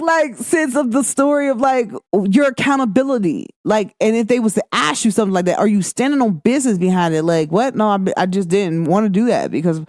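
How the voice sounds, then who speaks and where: Animated woman podcaster, dry close sound. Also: fairly high pitch, no echo. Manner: animated, expressive, acts out quoted lines. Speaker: podcast host. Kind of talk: casual chat.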